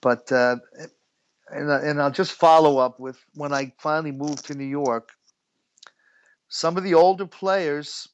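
A man's voice: fairly high pitch, fairly even intonation, measured pace, long pauses, clean tone. Middle aged guy rambling through stories, lots of "you know", kinda dull lo-fi sound. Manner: chatty, laughs often, many fillers. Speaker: guest musician. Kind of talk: relaxed storytelling interview.

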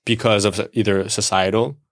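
A man with a fairly low voice co-hosts a casual podcast. He talks things through thoughtfully and leans on everyday examples to make his point. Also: steady tone, normal speed. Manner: reflective, explains with examples. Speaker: podcast co-host. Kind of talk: casual chat.

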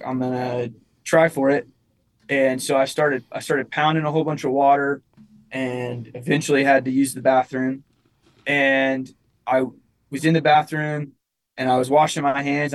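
A man's voice: medium pitch, poor audio. A young man, a musician guest, telling a personal story in casual chat, rambling with lots of restarts and fillers.

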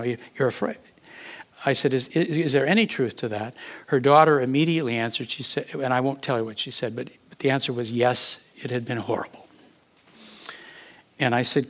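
A middle-aged man preaching as a pastor, animated, with sudden rises and many restarts. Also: mid-range voice. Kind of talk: sermon teaching.

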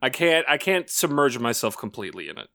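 A man co-hosting a podcast, rambling through a profane, animated story in casual banter. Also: medium pitch, brisk, gravelly, no room sound, clean studio sound. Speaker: podcast co-host.

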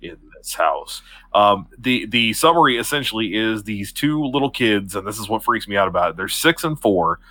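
A man co-hosting a casual podcast, excitable and quick to curse. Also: on the low side. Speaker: podcast co-host.

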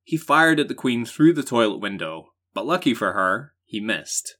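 A man's voice: mid-range voice, sing-song, bright, forceful tone. A man hosting a podcast, reading out a story and joking sarcastically, with some swearing. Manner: sarcastic, swearing, quick jokes. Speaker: podcast host. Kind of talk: casual chat, reading from notes.

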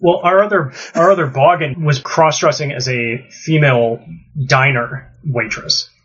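A man's voice: on the high side, unhurried, a bit bright, a little hiss or hum. A man in casual chat, recapping a live-action game with enthusiasm. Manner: enthusiastic, gushing. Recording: dull lo-fi recording.

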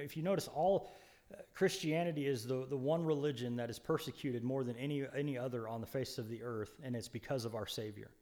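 A man of ordinary pitch co-hosts a conversational Bible study. He explains scripture in an earnest, preacherly manner, often restarting his sentences, and he leans hard on his key points. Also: a little mellow. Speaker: co-host Bible teacher.

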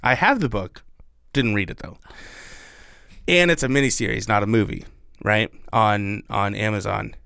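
A man's voice: lowish voice, normal speed, vocal fry, long pauses, a bit bright, clear, resonant tone, no echo, clean studio sound. A man co-hosting a podcast in casual chat, laughing and swearing freely. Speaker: podcast co-host.

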